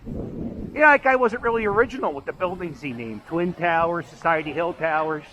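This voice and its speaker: A man's voice: a little high, lively intonation, moderate pace, sharp tone, a little hiss or hum. A man rambling and joking as he walks his dog outdoors through city streets, filming as he goes. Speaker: vlog host walking his dog. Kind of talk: casual walking commentary.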